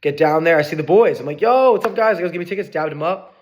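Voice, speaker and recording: A young man vlogging, telling a personal story in a casual, excitable way. He swears often and acts out the dialogue he quotes. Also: on the high side, racing.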